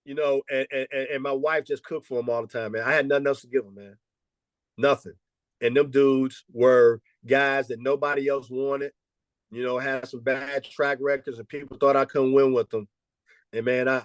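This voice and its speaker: A man in his fifties, a former college basketball head coach, telling lively stories and peppering them with "man" and "you know". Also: mid-range voice, normal speed, no echo. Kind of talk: storytelling interview answers.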